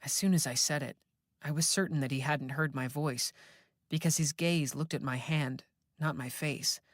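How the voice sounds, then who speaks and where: An audiobook narrator reading a first-person horror tale in a measured, reflective manner, close to a studio mic. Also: mid-range voice, steady tone, no room sound.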